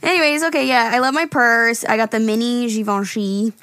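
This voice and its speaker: A woman's voice: on the high side, steady tone, a little fast, fairly bright tone, no room sound. Chatty young woman, dry sound. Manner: chatty, lots of fillers and laughs. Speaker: podcast co-host. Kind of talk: casual chat.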